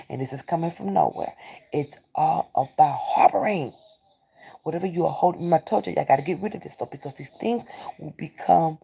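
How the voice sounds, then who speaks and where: A low, gravelly woman gives a spiritual card reading. Her voice is husky and dark, and her delivery is urgent and preacher-like. She often sinks into a whisper. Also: brisk, poor audio. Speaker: tarot reader.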